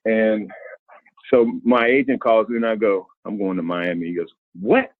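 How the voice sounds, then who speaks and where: A middle-aged former basketball player telling stories in an interview, acting out what others said. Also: male voice, on the low side, normal speed, dry recording. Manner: animated storyteller, acts out quoted voices. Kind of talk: candid storytelling interview. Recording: thin phone-like sound, dry.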